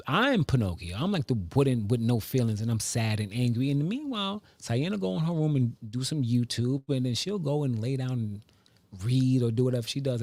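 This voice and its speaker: A man and father telling family stories in a casual vlog, animated, with sudden pitch jumps and hushed asides. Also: dry recording. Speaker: vlogger. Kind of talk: casual storytelling monologue.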